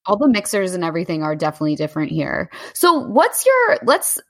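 Woman podcast host, lowish voice, easygoing, conversational questions. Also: wildly swooping pitch, fairly quick. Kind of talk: casual podcast interview.

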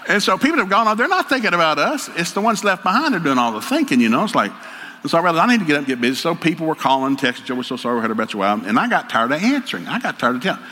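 A man's voice: a little high, big pitch swings, racing, sharp tone, a little hiss or hum. An older man giving a folksy, joking sermon as a preacher, telling stories with country humor. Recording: hall reverb, faint ambience.

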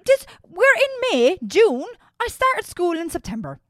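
A woman's voice: very high-pitched, huge pitch swings, a little slow, fairly bright tone, no echo, studio quality. A woman co-hosting a casual podcast chat, blunt and swearing as she rants. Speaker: podcast co-host.

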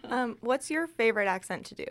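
A woman's voice: a little high, expressive, brisk. A woman interviewing an accent coach, asking curious questions hesitantly.

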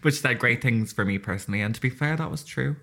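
A man's voice: medium pitch, fast talker, creaky, sharp tone. An Irish man co-hosting a podcast, telling a story in casual chat and laughing giddily as he goes. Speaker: podcast co-host.

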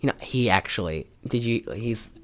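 A woman's voice: rumbling low, normal speed. A woman co-hosting a podcast, recapping a movie in rambling casual chat full of fillers and laughs. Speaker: podcast co-host.

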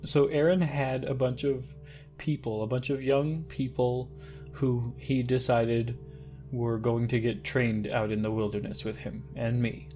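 A man's voice: medium pitch, level tone, warm tone, close to an everyday voice. A man voicing a guilt-ridden, frightened young village woman who stammers and halts, in a tabletop game with faint music behind. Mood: shaken. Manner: stammering, halting, breaking down.

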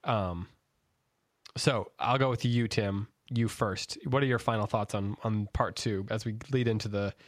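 A man's voice: lowish voice, measured pace, no room sound. Man co-hosting a dry, close-miked book chat. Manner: steers the talk, conversational, brief interjections. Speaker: podcast co-host leading the episode. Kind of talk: casual book-discussion chat.

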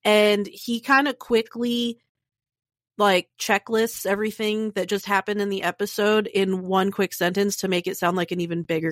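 A woman's voice: mid-range voice, no room sound. Woman, podcast co-host, casual chat, dry close sound, sarcastic, laughs a lot.

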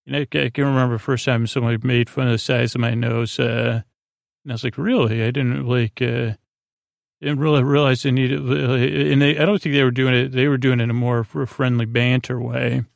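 A man's voice: mid-range voice, flat delivery, a little fast, vocal fry, dry recording, studio quality. A man hosting a podcast, recapping an episode in a meandering way full of fillers and restarts, meant for falling asleep to. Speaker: podcast host. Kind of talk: rambling episode recap for sleep.

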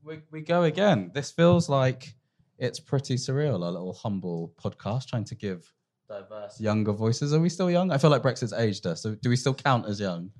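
A man's voice: medium pitch, moderate pace. A young man co-hosting a podcast, opening the show casually with jokes. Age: young adult. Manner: animated, joking. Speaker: podcast co-host. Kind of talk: casual chat.

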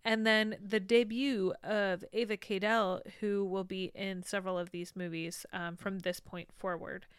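A woman's voice: medium pitch, little pitch movement, unhurried, hardly any pauses, smooth, dry recording, studio quality. A woman co-hosting a podcast in casual chat, rattling off names with fillers. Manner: chatty, lists names with fillers. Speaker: podcast co-host.

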